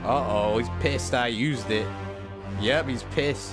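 A man's voice: mid-range voice, slow pace. A man giving casual let's play commentary, reacting with confusion, laughs and swearing. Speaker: gamer. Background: game music.

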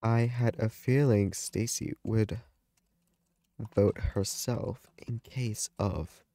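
Dramatic, slow-talking male gamer. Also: on the low side, fairly even intonation, warm tone, no echo, clean studio sound. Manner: dramatic and panicky, laughs and exclaims often. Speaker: gaming video creator. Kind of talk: live gaming commentary.

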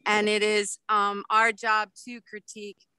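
Woman, video call comment, firm, insistent, clear bright voice, dry sound. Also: mid-range voice, completely flat delivery, unhurried, no room sound, poor audio. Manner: firm, insistent, many fillers. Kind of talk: public comment at a meeting.

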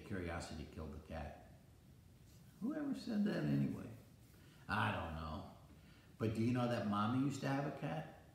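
Playful older grandpa with a creaky voice. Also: male voice, heavy reverb, a little hiss or hum. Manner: playful, animated storytelling with sudden high exclamations. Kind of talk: reading a picture book aloud.

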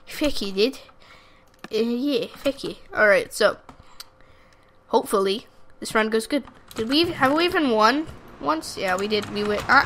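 Bright, excitable young-sounding woman gaming. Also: fairly high pitch, a little hiss or hum. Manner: rambling, excitable, talks to the audience and at opponents. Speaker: gaming YouTuber. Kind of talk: live gameplay commentary.

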